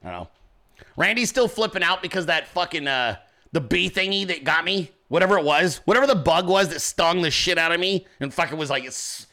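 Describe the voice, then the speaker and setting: A man's voice: fairly high pitch, expressive, brisk, bright, forceful tone. A man hosting a political commentary show, talking in a brash, swaggering, profane monologue. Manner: brash, swaggering, heavy swearing.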